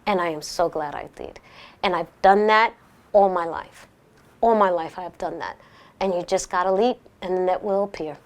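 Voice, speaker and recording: A middle-aged woman, chatting as an interview guest, animated and repeating her phrases for emphasis. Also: moderate pace. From Brooklyn, New York. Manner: animated, repeats phrases, jumps high when quoting others. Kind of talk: casual interview chat.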